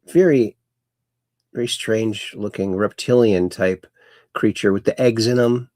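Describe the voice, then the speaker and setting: A man's voice: fairly low pitch, measured pace, a little mellow, no room sound, studio quality. A man hosting a casual livestream, rambling and reading viewer comments aloud. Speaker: host.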